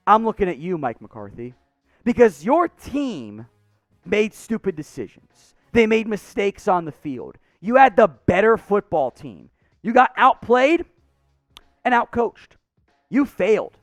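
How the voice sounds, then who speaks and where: A man hosting a sports show, ranting in frustration, his voice going hoarse. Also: sits high, no room sound, studio quality. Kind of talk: fired-up sports commentary.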